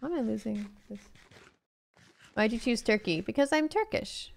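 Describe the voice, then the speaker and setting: A woman's voice: on the high side, animated, moderate pace, creaky. A young woman in casual gameplay commentary, chatting playfully with her viewers as she plays. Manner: chatty, playful, talks to chat while playing. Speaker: streamer.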